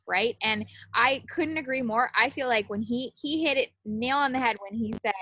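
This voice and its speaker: A woman's voice: mid-range voice, a bit bright, dry recording. A woman leading a casual group video call, encouraging others and asking them questions. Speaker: group leader.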